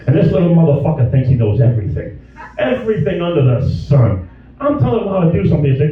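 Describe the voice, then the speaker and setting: A middle-aged man doing stand-up, crude and rambling, his high voice swinging wildly up and down as he rants. He sounds far from the mic, the sound dull and washed in heavy club echo, with faint room noise behind him. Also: big pitch swings, fast talker. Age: 50s. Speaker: stand-up comedian. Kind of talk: stand-up comedy set. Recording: distant, dull audio in an echoey club.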